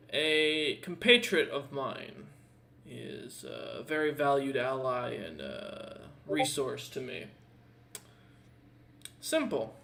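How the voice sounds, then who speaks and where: A man doing a calm, menacing noble schemer. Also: mid-range voice, vocal fry, heavily acted. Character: cunning, calm male noble schemer, threatening.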